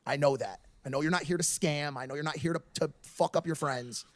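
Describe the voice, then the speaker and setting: A man's voice: a little high, a little fast, dry recording. A man speaking earnestly to a friend on stream, rambling and stumbling, with the odd swear word. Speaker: guest friend. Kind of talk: heartfelt on-stream speech.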